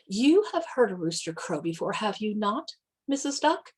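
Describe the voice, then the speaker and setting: A woman's voice: medium pitch, big pitch swings, moderate pace, darkish tone, slightly rough. A woman voicing an exceedingly polite, formal male pig in a children's story. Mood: stately. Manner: formal, stately, ceremonious.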